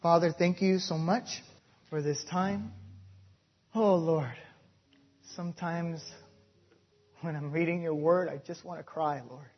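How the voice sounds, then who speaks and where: A man preaching a sermon and leading a prayer, slow and emphatic, swelling loud and then dropping soft. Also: on the high side, steady tone, slightly rough, highs cut off. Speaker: pastor.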